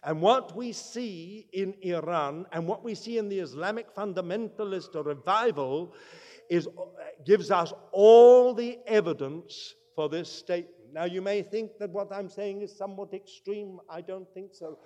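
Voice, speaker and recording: A man preaching a sermon, earnest and emphatic, swinging between loud declarations and quiet asides. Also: sits high, a little slow. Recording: long reverb from a large hall.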